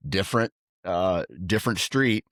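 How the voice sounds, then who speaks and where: Man, podcast co-host, casual storytelling, low voice, animated quoting, dry studio sound. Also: normal speed, no room sound. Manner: animated, acts out quotes in a raised voice.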